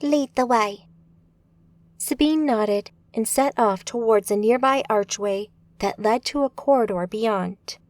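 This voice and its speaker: Woman narrator for a fantasy audiobook, measured and unhurried, a touch high. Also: darkish tone, no room sound.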